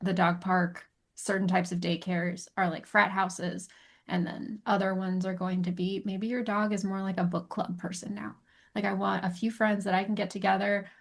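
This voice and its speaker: A woman of middle pitch chats casually on a pet podcast, building her points through playful analogies. She tells them like little stories, quoting back and forth. Her voice sits in an everyday, comfortable register. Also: flat delivery, normal speed, gravelly. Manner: storytelling, uses analogies. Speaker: podcast co-host, dog trainer.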